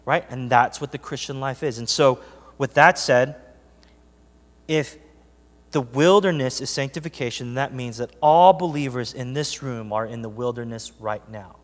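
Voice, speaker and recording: A pastor addresses his congregation in a church sanctuary, his mid-range voice moving at a moderate pace through the large hall. His sermon is earnest and conversational, and he reads passages of scripture aloud.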